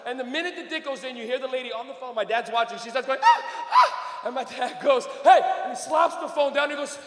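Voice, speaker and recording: High, bright-voiced stand-up comedian. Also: male voice, quick pace. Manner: loud, profane, laughing. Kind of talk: stand-up routine. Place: comedy club stage. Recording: echoey hall reverb.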